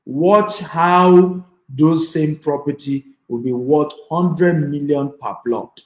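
A man's voice: on the high side, takes it slowly. Emphatic Nigerian man lecturing in an echoey room. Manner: emphatic, repetitive, urging the audience to type. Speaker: real estate investor and trainer. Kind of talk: online class lecture.

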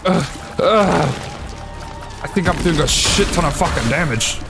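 A man giving profane, excitable commentary as he plays a video game, shouting at enemies. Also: fairly high pitch, measured pace, vocal fry. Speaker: gaming streamer. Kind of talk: let's play commentary. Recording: game music behind.

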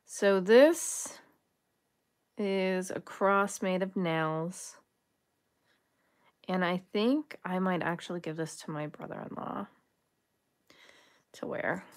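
A woman's voice: on the low side, animated, drawn-out words, long pauses. A woman vlogger casually chatting through a jewelry haul, musing aloud and talking to the items. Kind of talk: casual unboxing chat.

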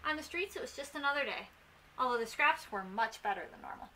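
A woman's voice: sits high, expressive, fairly quick, bright, forceful tone, recorded from a distance. A woman voicing an easygoing, streetwise male mutt in a casual, wry manner.

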